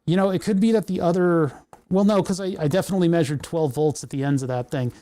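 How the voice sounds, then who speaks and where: A young male livestream host troubleshoots electronics on a casual stream, muttering and thinking aloud as he works. His voice is a bit high for a man but mellow and soft, and he talks fast. When the parts keep failing he gets exasperated and swears.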